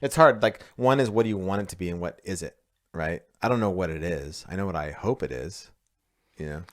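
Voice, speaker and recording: A man with a very low voice co-hosting a podcast in relaxed conversation. He jokes and teases, then drifts into reflective asides. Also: brisk. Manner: teasing, joking. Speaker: podcast co-host. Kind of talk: casual chat.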